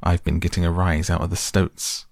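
A man reading the part of an excitable, cheeky male mole telling a story. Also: sits low, normal speed, dry recording, clean studio sound. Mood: gleeful. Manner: gleeful, chatty.

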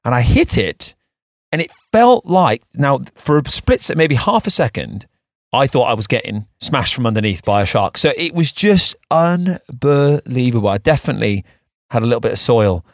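A man's voice: medium pitch, big pitch swings, moderate pace, no room sound, studio quality. A man co-hosting a surf podcast, telling a story in a rambling way with frequent restarts. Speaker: podcast co-host. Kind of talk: casual chat.

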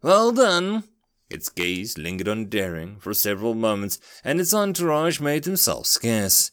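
A man narrating a fantasy story aloud, expressive in his storytelling. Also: on the low side, normal speed, smooth, dry recording.

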